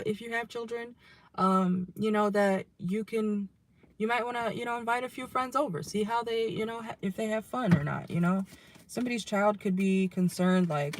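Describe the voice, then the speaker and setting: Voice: mid-range voice, normal speed. A young adult tarot reader who is losing their voice, chatting casually to viewers from a car and often tagging a questioning "okay?" onto the end of phrases. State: losing voice, hoarse. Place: inside a car.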